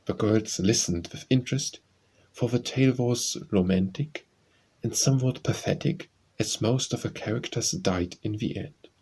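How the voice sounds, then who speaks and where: Brief: male narrator, measured classic-novel reading, low and slightly husky voice. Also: darkish tone, rough recording. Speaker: audiobook narrator.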